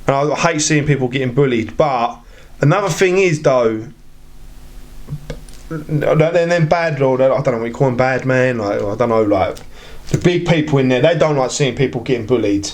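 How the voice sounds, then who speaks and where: A man's voice: medium pitch, moderate pace, a little mellow. A man telling rambling stories in a casual podcast chat, acting out other people's lines as he goes. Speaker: podcast guest.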